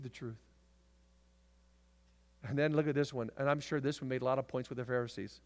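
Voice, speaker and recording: A man preaching a sermon to his church, swinging from loud, emphatic declarations to hushed asides. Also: medium pitch, steady tone, a little fast, long pauses. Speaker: pastor. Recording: long hall reverb.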